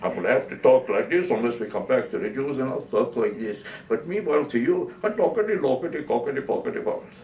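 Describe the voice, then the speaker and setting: A man's voice: medium pitch, lively intonation, fast, few pauses, a little mellow, lightly acted. A man putting on a woman politician chattering to a cab driver in a fake mock accent. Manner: chattering, repetitive. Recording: roomy, distant mic, faint hiss.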